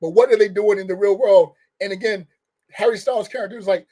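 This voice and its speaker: A man's voice: sits high, steady tone, fast talker, mellow. A man giving a casual, rambling movie review rant, firing off questions with restarts and short laughs. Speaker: film reviewer.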